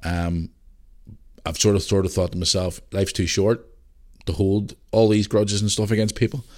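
A middle-aged man with a Northern Irish accent hosting his own podcast alone, ranting bluntly with lots of swearing and tired from a rough day. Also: lowish voice, flat delivery, normal speed, darkish tone. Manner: blunt and sweary, rambling rants. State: tired, yawning. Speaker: podcast host. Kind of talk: casual solo podcast chat.

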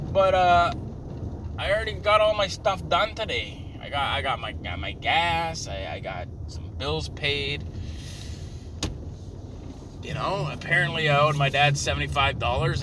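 A man's voice: fairly high pitch, sharp tone. Profane rambling young guy driving. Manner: profane, sardonic, meandering. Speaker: vlogger. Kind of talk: rambling casual monologue while driving. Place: inside a car on the road. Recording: road and engine noise.

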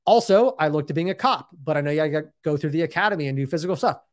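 Candid rambling man, slightly high voice. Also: very fast. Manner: rambling and candid, says dude and like a lot. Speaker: personal trainer telling his story. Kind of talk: casual personal storytelling.

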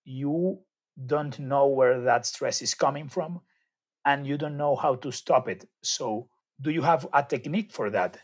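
A man interviewing a coach, asking measured follow-up questions. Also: medium pitch, breathy edge.

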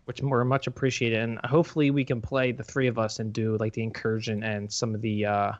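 Man, podcast co-host, mid pitch, rambling, slightly dull recording. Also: flat delivery, a little fast, dry recording. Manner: rambling, lots of fillers and restarts. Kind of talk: casual chat.

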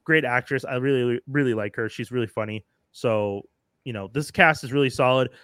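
A man's voice: mid-range voice, a little fast, a bit bright, clean tone, no room sound, studio quality. A man co-hosting a podcast, chatting casually and with enthusiasm about shows and actors. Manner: enthusiastic, talkative, slangy. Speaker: podcast co-host. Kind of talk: casual chat.

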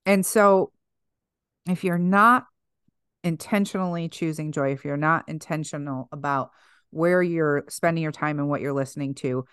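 A woman co-hosts a casual faith podcast, speaking emphatically and urging her listeners on, with plenty of fillers along the way. Her voice sits low, and the recording is dry and close. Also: smooth, no room sound. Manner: emphatic, exhorting, many fillers. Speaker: podcast co-host.

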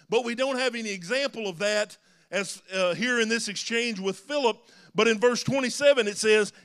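A man's voice: extremely high pitch, fairly bright tone, smooth. A man preaching a sermon in a church, earnest and rising to emphatic calls. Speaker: pastor. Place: church sanctuary.

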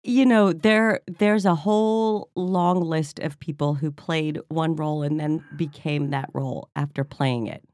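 A woman co-hosting a podcast in casual banter, playful and quick to push back. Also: deep voice, steady tone, darkish tone, no echo, clean studio sound. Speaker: podcast co-host.

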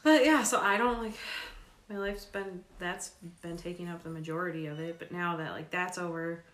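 A woman's voice: on the low side, moderate pace, a bit bright, roomy sound. A woman co-hosting a casual chat podcast, easygoing and supportive, laughing along with her friend. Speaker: podcast co-host.

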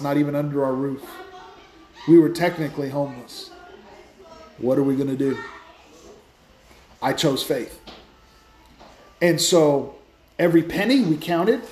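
A man hosting a Christian podcast, telling stories in a lively, casual way with many restarts. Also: fairly high pitch, echoey room. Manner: animated storytelling with many restarts. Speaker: podcast host, Christian speaker. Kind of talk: casual faith talk.

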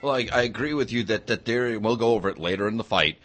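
A man's voice: on the low side, fast, background noise. A man arguing his side in a debate with a storytelling, sarcastic edge. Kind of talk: casual debate.

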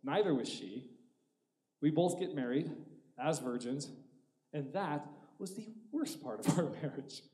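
A man in his forties preaching a sermon, telling a personal story in an animated way that swings between loud and hushed. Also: fairly high pitch, a little slow, long pauses. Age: 40s. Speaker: pastor. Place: church auditorium. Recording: echoey church hall.

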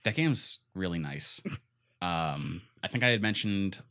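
Young guy, really low voice but bright and forward, rambles about games, lots of ums. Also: lively intonation, measured pace. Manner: rambling, enthusiastic, filler-heavy. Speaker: podcast co-host. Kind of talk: casual gaming chat.

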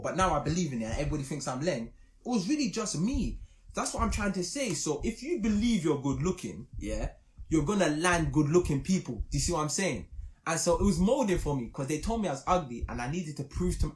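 A young man, telling a story in casual podcast chat, animated and emphatic. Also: fairly high pitch.

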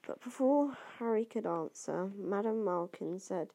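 A woman's voice: mid-range voice, lively intonation, measured pace, vocal fry, few pauses, dark tone. A woman doing an amateur audiobook reading, stumbling over words and restarting now and then. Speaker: reader.

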